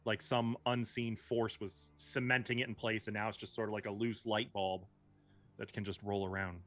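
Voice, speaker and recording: Man, low voice, game master narration, wry asides, faint music behind. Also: level tone, moderate pace, fairly bright tone.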